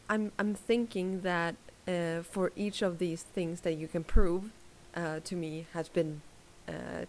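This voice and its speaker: A woman playing a cheerful young employer who hires a party of adventurers, speaking haltingly with many ums and little laughs. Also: on the low side, slight background noise. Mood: earnest. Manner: hesitant, full of ums, giggly.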